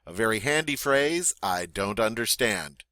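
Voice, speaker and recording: A man teaching a French vocabulary lesson, saying each word clearly and patiently, then asking the learner to repeat it. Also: on the low side, animated, unhurried, sharp tone, no room sound. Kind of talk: spoken language lesson.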